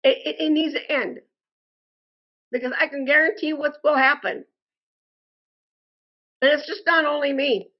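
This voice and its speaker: A frustrated woman delivering an indignant complaint monologue, speaking deliberately and calling her listeners "folks". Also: high voice, fairly even intonation, dull audio. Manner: slow, deliberate and indignant, addresses viewers as "folks". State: frustrated and angry. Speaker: customer posting a complaint review.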